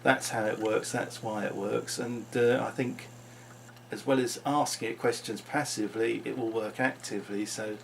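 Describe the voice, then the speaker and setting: A man with a gravelly, creaky voice muses through an unscripted vlog monologue. His pitch sits mid-range for a man, and he wanders from thought to thought, often restarting his sentences. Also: fairly even intonation, moderate pace, slight background noise. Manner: rambling, musing, with frequent restarts. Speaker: vlogger.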